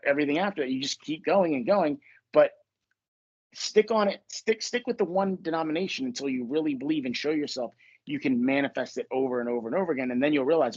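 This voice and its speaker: This manifestation coach hosts his podcast in a medium-pitched voice, though the recording sounds muffled. His storytelling is lively and loose, full of jokes and profanity.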